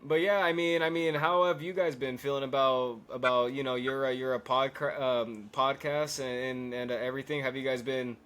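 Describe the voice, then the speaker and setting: A man's voice: medium pitch, fairly even intonation, normal speed, hardly any pauses, a bit bright, smooth. A man speaking as a podcast guest in casual chat, hesitant with many fillers and restarts.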